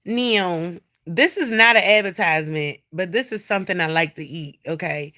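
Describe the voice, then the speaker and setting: Bright-voiced, blunt woman on a livestream. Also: on the low side, normal speed. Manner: animated, blunt and profane, talks straight to viewers. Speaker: livestream host. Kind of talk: casual livestream chat. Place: at home indoors.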